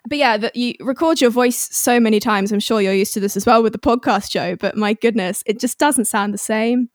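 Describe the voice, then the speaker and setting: A woman's voice: fairly high pitch, a little fast, no room sound. Chatty woman with a dry close mic. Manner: chatty, rambling, self-deprecating with fillers. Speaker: composer guest. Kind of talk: casual podcast chat. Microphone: studio mic with pop shield.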